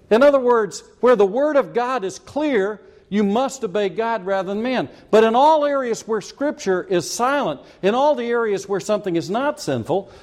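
Older guy pastor preaching, kinda high voice, folksy asides, keeps asking the church questions. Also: darkish tone. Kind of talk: sermon.

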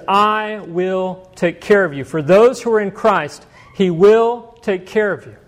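Middle-aged male pastor, high-pitched, conversational sermon storytelling, self-mocking asides. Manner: conversational, self-deprecating, chuckles often.

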